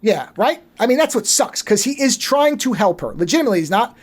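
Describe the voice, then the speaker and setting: High-voiced man recapping a movie. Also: a little fast, husky. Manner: animated storyteller, swears freely. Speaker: podcast co-host.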